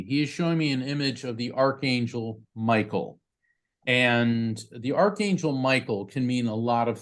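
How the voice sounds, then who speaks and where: A man working as a psychic medium, giving a live reading to a grieving parent over a video call in a chatty, halting way full of fillers and restarts. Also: medium pitch.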